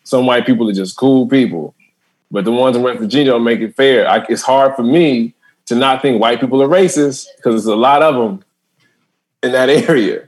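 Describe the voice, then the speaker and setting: A man's voice: mid-range voice, moderate pace. A man, a stand-up comedian, chatting as a guest and telling stories with frequent laughter and acted-out quotes. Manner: animated storytelling, frequent laughter, acts out quotes. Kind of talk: casual podcast chat.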